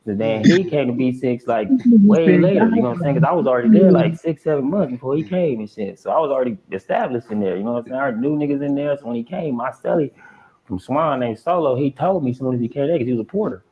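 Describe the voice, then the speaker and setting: Animated man telling a prison story. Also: medium pitch, quick pace, narrow, tinny audio. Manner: animated, acts out other people's lines. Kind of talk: casual storytelling with slang.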